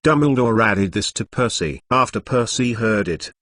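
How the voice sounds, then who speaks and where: A man narrating a storybook chapter, reading plainly through a rough translation. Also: medium pitch, expressive, normal speed, few pauses, a bit bright, no echo.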